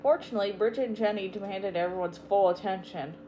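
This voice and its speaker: Expressive woman reading a storybook. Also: mid-range voice, fast talker, slight background noise, low-quality recording. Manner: expressive, emphatic, tender at sad parts. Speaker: audiobook reader, channel host.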